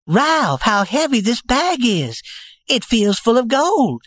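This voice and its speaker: A young woman in love, high-voiced and light, teasing her sweetheart, as a male storyteller puts her on. The voice sits well above the man's own. It sounds dry and close, with no room around it. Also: very animated, slow, fairly bright tone, dry recording, heavily acted. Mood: playful. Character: young woman in love, playful then pleading.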